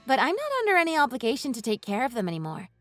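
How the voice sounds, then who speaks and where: A woman voicing an ex-wife in a text-message story, calm, apologetic and firm. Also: fairly high pitch, rapid-fire, soft background music.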